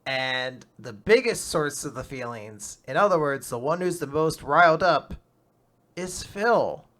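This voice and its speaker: A man co-hosting a casual podcast, animatedly retelling a plot and slipping quickly into quoted voices. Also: fairly high pitch, expressive, fairly bright tone. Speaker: podcast co-host recapping manga.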